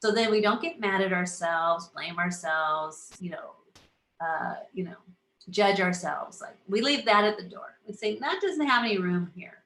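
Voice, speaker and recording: A woman's voice: lowish voice, unhurried, a bit bright. A woman astrologer hosting a casual live stream, bubbly, laughing often and acting out little inner voices as she talks to viewers. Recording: roomy echo.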